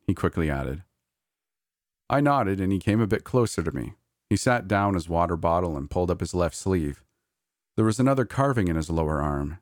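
A man narrating a scripted horror story in a measured, steady way. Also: low voice, no echo, clean studio sound.

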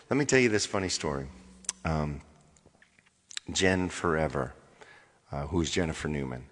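A man's voice: very deep voice, big pitch swings, unhurried, pauses often, a bit bright, long reverb tail. A man, a touring performer, telling his followers a rambling story in casual chat, repeating himself and checking in with "okay". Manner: rambling, repeats phrases, says okay often. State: tired. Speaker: touring performer addressing fans.

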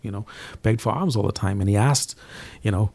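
A man telling a faith story as an interview guest, earnest and quick, often repeating his words as he goes. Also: lowish voice, gravelly, a little mellow, slightly rough. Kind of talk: faith testimony in casual interview.

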